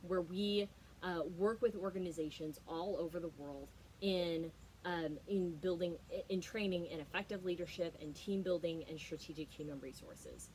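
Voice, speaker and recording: A woman's voice: lowish voice, normal speed, a little mellow, a little hiss or hum, rough recording. Young woman giving a pumped-up leadership talk, tells stories, lots of uhs. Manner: emphatic, storytelling, frequent fillers. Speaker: leadership trainer and founder. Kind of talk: motivational keynote talk.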